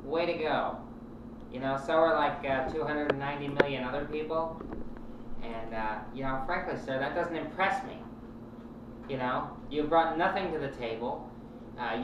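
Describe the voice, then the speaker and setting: Woman as a deep-voiced ranting radio host, sarcastic and paranoid; distant, echoey, noisy recording. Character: combative rambling talk-radio host, paranoid. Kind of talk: comic talk-radio rant.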